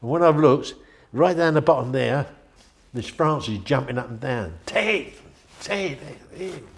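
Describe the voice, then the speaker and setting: A man's voice: mid-range voice, normal speed, a little hiss or hum. An older man, telling a rambling, chatty story in an interview and acting out the voices of the people in it. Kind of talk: anecdotal storytelling.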